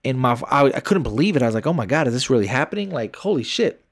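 A man's voice: medium pitch, quick pace. A young man, co-hosting a casual podcast and telling a story with lots of swearing and acted-out quotes. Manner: animated storyteller, acts out quotes, heavy swearing. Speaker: podcast co-host.

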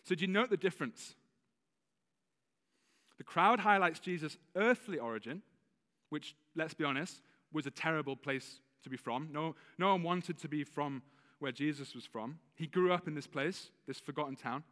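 A man's voice: on the high side, moderate pace, a bit bright, big-room sound. A male pastor giving a conversational sermon with a slight lisp, often correcting himself mid-sentence. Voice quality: slight lisp on some words. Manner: conversational, with self-corrections and laughs. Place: church.

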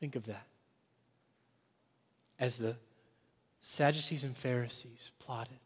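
Male pastor preaching in a reverberant church hall, dramatic swings from loud to hushed. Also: medium pitch, fairly even intonation, slow pace, long pauses, slightly rough. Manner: builds to loud intensity, drops to hushed whispers. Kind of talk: sermon.

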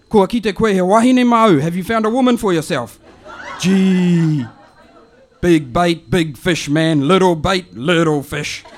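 A man voicing a loud, bossy, teasing elderly Māori auntie who hollers and scolds down the phone in a comic poetry performance. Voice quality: shrill and loud, calling out. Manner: scolding, hollering, laughing at herself.

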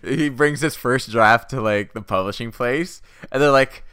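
Brief: young male podcast co-host, casual, bright and animated, dry close sound, quick to laugh and do voices. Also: mid-range voice, smooth, no echo. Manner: laughs often, acts out quoted characters. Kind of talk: casual chat pitching a joke movie sequel.

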